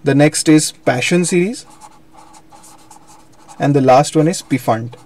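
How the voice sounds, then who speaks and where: A man's voice: on the high side, unhurried, darkish tone. A young man giving a live online physics lecture, explaining step by step and correcting himself as he goes. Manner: explanatory, repeats and self-corrects. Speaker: physics teacher.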